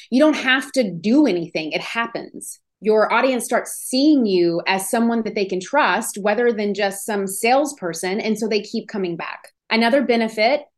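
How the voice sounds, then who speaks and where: A woman hosting a podcast, giving an energetic, emphatic motivational talk on business and selling. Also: medium pitch. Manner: energetic, emphatic, acts out inner voices. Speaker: podcast host.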